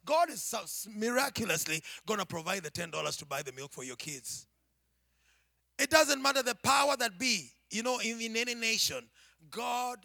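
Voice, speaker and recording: Guy preaching a sermon, really high ringing voice, shouts then goes quiet, dry close mic. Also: creaky, no echo. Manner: swings from shouted climaxes to hushed asides.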